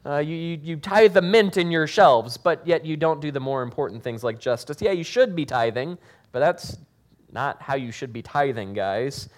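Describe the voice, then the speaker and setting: A man preaching to his congregation in a fairly high voice. He reads scripture with slow, shouted emphasis on the warnings. Then he drops into relaxed, joking talk to explain it. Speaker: pastor. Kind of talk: sermon.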